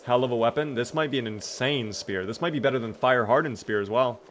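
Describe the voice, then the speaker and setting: A man streaming a survival game live, chatting to his viewers and reacting with sudden bursts of excitement. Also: mid-range voice, brisk, a little hiss or hum.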